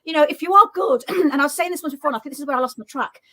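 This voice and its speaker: A woman co-host speaks in a high, rapid voice, indignant and pressing her points. It is casual online discussion talk. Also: fairly bright tone, low-quality recording.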